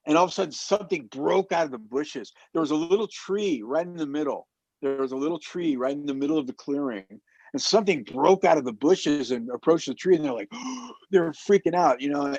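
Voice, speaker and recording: A man telling a long anecdote in casual talk, animated and acting out the quoted people as he goes. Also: fairly high pitch, no echo. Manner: animated storyteller who acts out quotes. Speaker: roundtable guest. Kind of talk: casual storytelling. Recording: dull muffled dry sound.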